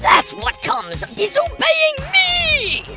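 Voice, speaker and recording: A man's voice: very high voice, wildly swooping pitch, music in the background, pitched above the performer's own voice, exaggerated voice. A man voicing a wicked, menacing male rabbit tyrant in a storybook reading, drawing out his words with a sneer. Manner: slow, drawn-out, sneering.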